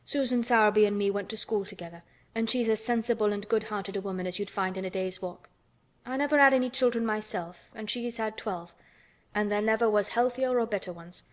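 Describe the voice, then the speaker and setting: A brisk, no-nonsense housekeeper in a storybook reading, talking in a homely, matter-of-fact way, as a woman narrator puts her on. Her voice sits a little higher and brighter than the narration. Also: close to an everyday voice. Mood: pleased. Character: brisk, plain-spoken middle-aged housekeeper.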